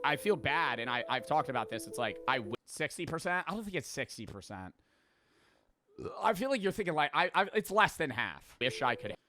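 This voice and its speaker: A man's voice: medium pitch, big pitch swings, a little fast, sharp tone. A young man who streams, talking bluntly and casually with lots of fillers and swearing. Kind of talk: casual storytelling and reflection.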